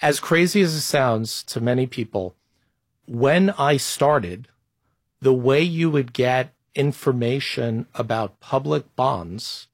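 Husky, dry-voiced man in his fifties. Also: medium pitch, slow pace, dry recording. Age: 50s. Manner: thoughtful, self-deprecating, restarts phrases. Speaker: guest executive. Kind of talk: conversational interview answers.

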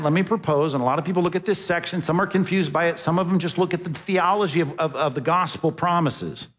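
A man's voice: fairly high pitch, a bit bright, breathy edge. A man preaching an expository sermon as a pastor, talking conversationally and often asking the congregation questions. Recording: long hall reverb.

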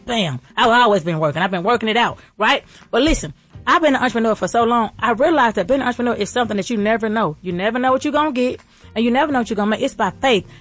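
A woman's voice: a little high, a bit bright, breathy edge. A woman who owns restaurants, giving a motivational faith talk in a preachy, repetitive, rallying cadence.

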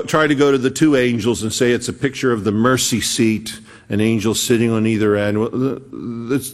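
Brief: low, gravelly male pastor, unhurried and chatty, with long hall reverb. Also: a little mellow. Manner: conversational, digressive, slow and deliberate. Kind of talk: sermon.

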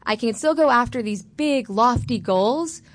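A young woman from Florida in her twenties shares a personal story live. She talks candidly and with dry self-mockery, her voice pitched slightly high. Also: expressive, measured pace. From Florida, USA. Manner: candid, wry, self-mocking.

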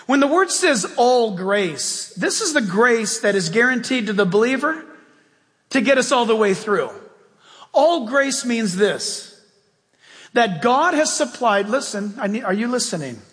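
Pastor guy preaching, really high voice, punchy folksy sermon, big echoey church. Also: expressive, measured pace, a bit bright. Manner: emphatic, conversational preaching with folksy asides. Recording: long reverb of a large hall.

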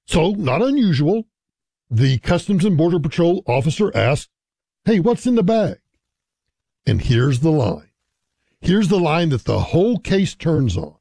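A man's voice: a little high, very animated, unhurried, creaky, dark tone, no echo. A middle-aged man hosting a talk radio show, speaking conversationally and emphatically, repeating key phrases to drive a point home.

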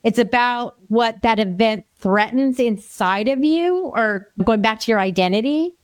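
A woman's voice: fairly high pitch, measured pace, no echo. A woman interviewing a guest, agreeable and telling a personal anecdote in a chatty way. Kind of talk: conversational interview.

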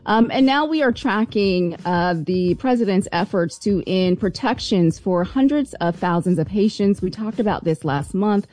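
A woman giving a news report on a radio talk show, measured and with a few fillers. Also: mid-range voice, animated, darkish tone.

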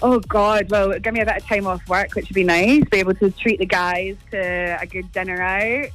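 A woman's voice: medium pitch, fairly even intonation, normal speed, a bit bright, soft background music, poor audio. A Scottish woman calling in to a radio quiz by phone from work, cheerful and giggly. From Scotland. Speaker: radio caller, quiz contestant. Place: workplace training session. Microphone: phone call.

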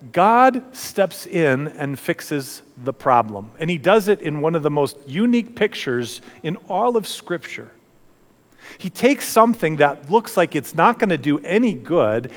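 A male pastor preaching a sermon, telling the story dramatically with repeated phrases, moving from fervent to hushed. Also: fairly high pitch. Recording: long reverb in a large hall.

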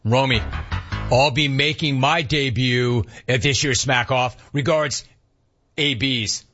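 Husky-voiced man hosting a talk show. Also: mid-range voice, takes it slowly, lo-fi sound, soft background music. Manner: animated, riffing, mock-incredulous. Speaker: radio host. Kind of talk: casual talk radio chat reading listener emails.

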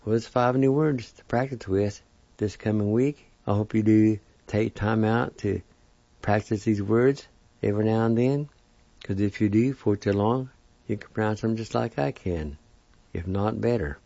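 A man's voice: lowish voice, vocal fry, mellow, dry recording. A man giving a weekly language lesson, carefully sounding out each word syllable by syllable and repeating it for learners. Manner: slow, deliberate, sounds words out syllable by syllable and repeats them. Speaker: language teacher. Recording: dull lo-fi recording.

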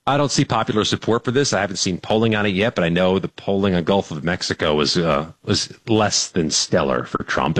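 A man's voice: deep voice, no echo. A man appearing weekly as a guest, giving assured political analysis on a radio show. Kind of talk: political commentary.

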